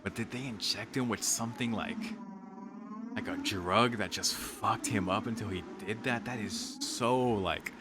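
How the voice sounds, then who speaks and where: A man's voice: fairly low pitch, unhurried, noisy background. A young man streaming a visual novel, reading lines aloud and reacting, shaken, rambling and swearing. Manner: rambling, swearing, many fillers. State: shaken, dizzy.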